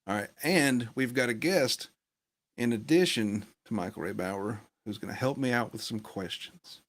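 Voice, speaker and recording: A man hosting a live interview stream in casual chat, with a monotone, dry, offhand delivery. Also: mid-range voice, normal speed. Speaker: host.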